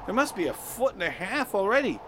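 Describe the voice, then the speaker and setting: High, lively sarcastic man. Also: brisk, noisy background. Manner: sarcastic, exasperated, sneering. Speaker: comedy performer. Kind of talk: comic sketch and satirical monologue.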